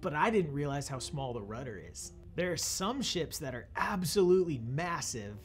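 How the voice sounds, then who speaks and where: A man's voice: a little high, expressive, moderate pace, faint music behind. A young man hosting a children's church lesson, explaining things to kids in a patient, upbeat way. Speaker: children's ministry host. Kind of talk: kids' Bible lesson.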